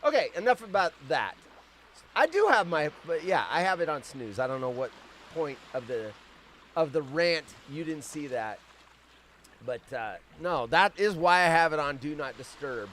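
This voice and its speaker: A man's voice: a little high, expressive, a bit bright, slight background noise. A man in his fifties hosting a casual live stream from outdoors on vacation, rambling off on tangents and swearing freely. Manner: profane, rambling, quick tangents. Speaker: host.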